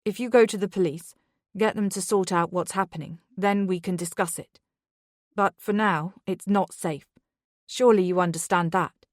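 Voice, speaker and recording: A woman's voice: medium pitch, fairly even intonation, normal speed, no echo, clean studio sound, close to an everyday voice. A woman voicing a guarded husband who speaks in a curt, spiteful way. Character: cold, guarded husband protecting his children.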